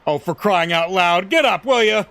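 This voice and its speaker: A man's voice: on the high side, sing-song, normal speed, pitched above the performer's own voice. A man doing an exasperated male reporter. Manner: exasperated, loud, pushy. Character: stressed male freelance reporter, impatient and exasperated.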